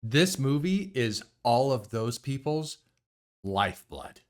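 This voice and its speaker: Sarcastic, animated man ranting at a movie. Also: medium pitch, slow. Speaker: movie reactor. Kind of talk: casual live film commentary.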